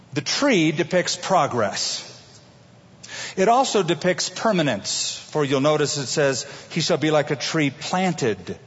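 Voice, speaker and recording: Husky man preaching in a reverberant hall. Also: a little high. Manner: animated storytelling with homey examples. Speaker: pastor. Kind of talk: sermon. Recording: dull recording with long hall reverb.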